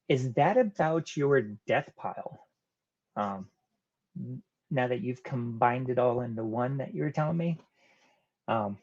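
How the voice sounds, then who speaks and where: A man hosting a casual live stream, reading viewers' chat comments aloud and answering them in a relaxed, rambling way. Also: mid-range voice, creaky, slightly rough, lo-fi sound. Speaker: live-stream host of a reselling channel.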